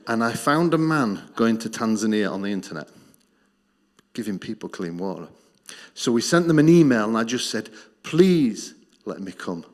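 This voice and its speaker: A middle-aged Australian man giving a missions testimony in church, telling his story earnestly and dropping low and soft on key lines. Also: animated, normal speed. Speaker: missions speaker.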